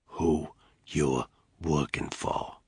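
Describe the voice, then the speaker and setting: A male narrator plays a ruthless soldier who taunts a terrified captive in a deep, husky voice. The threats come quiet and mocking rather than shouted. The reading sounds close and dry, with no room around it. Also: lively intonation, a little slow, dry recording, full character voice. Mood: deathly quiet.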